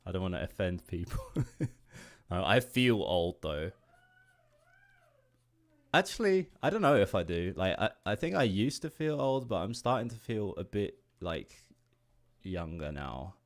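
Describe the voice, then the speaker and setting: An English man in his late twenties talks through a livestream as he works, in a slightly low voice. He rambles and loses his thread, laughs often and swears offhandedly as he chats. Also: sing-song, a little slow, long pauses. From England. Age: late 20s. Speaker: indie game developer streaming. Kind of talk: casual livestream chat while drawing.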